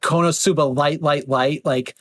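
Hosting a relaxed podcast conversation, a man with a fairly high voice, slightly raised, chats on with many fillers and shifts into quick mocking voices. The recording is close and dry, with no room sound.

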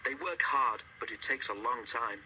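A man's voice: medium pitch, moderate pace, sharp tone, slight background noise, low-quality recording. A man voicing a chatty, wise old tank engine who tells a story in a friendly way, for a storybook reading. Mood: storytelling.

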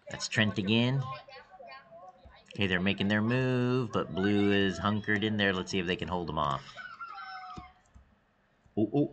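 A man with a low voice gives live commentary on his students' game practice. His pitch swings widely as he reacts, thinking aloud with quick exclamations. At times he drops to a hush. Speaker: esports coach.

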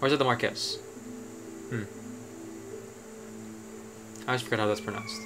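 A man's voice: medium pitch, fairly even intonation, fairly quick, background noise. A man streaming a game in casual commentary, thinking aloud with many ums and uhs.

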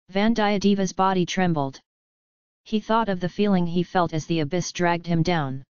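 A woman reads an audiobook in a steady, even way. Her voice is low and very smooth. The sound is dry and close, a little muffled. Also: normal speed, dry recording. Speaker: audiobook narrator. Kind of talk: scripted narration.

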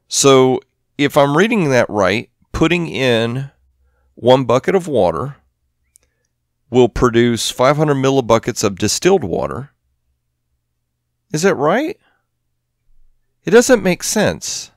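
A man's voice: medium pitch, sing-song, takes it slowly, long pauses, no room sound, studio quality. A man hosting a modded game video, chatting casually and thinking aloud as he plays, counting items under his breath. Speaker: gameplay channel host. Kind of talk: casual gameplay commentary. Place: home room with his cat.

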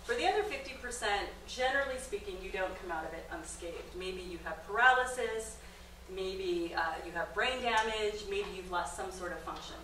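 A woman's voice: moderate pace, slight background noise. A middle-aged woman, a documentary filmmaker, giving a comedic storytelling talk on stage and acting out the voices in her story. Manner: animated storyteller, acts out quotes with big pitch jumps. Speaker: guest lecturer, documentary filmmaker. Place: comedy club stage with audience. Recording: roomy live-venue sound, distant mic.

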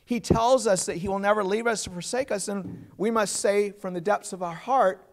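A man's voice: sits high, moderate pace. A man preaching a sermon as pastor, earnest and plain, putting questions to his congregation.

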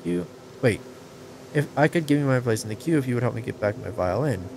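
An eerie masked boy with a violin, childish and slow-spoken in an unsettling way, as a man reads him aloud. The pitch wanders lively up and down. Noise hisses underneath. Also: vocal fry. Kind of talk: reading game dialogue aloud in voices.

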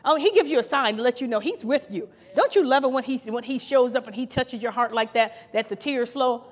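A woman's voice: fairly high pitch, a little fast. A woman co-pastor from Ohio preaching a fervent podcast sermon, repeating her phrases and laughing now and then. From Ohio, USA. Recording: long hall reverb.

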